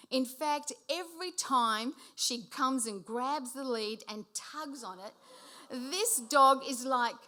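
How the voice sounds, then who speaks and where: A woman in her late fifties telling a funny personal story on stage to a live audience, animated and often laughing as she speaks. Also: fairly high pitch. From Sicilian heritage. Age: 50s. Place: hall before a live audience.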